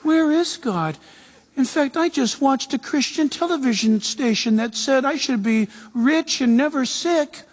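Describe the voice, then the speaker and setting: A man's voice: very high voice, lively intonation, measured pace, pitched above the performer's own voice. A man doing a whiny, self-pitying doubter. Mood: whining. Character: whining man, sick, poor and doubting God.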